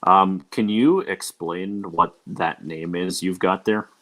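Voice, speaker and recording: A man's voice: deep voice, slow pace, fairly bright tone. A young man hosting a casual livestream podcast, talking in a loose, rambling way with many ums and uhs. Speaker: podcast host.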